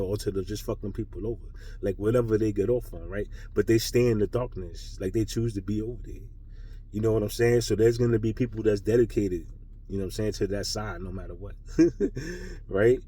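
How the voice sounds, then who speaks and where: Husky-voiced man on a rambling profane rant. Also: lowish voice, far from the mic. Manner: rambling, profane, preachy, keeps asking "right?" and "you understand?"; grows louder and more heated as he goes. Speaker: channel host. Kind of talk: unscripted spiritual rant to camera.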